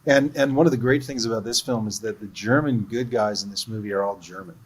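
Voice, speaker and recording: A man's voice: fairly low pitch, fairly quick, breathy edge, low-quality recording. A man who is a film producer, telling earnest stories about a production in a livestream interview.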